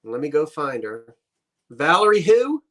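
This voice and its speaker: A man's voice: a little high, sing-song, a little slow, a bit bright. A man co-hosting a casual live-stream chat, teasing playfully and telling stories. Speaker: co-host.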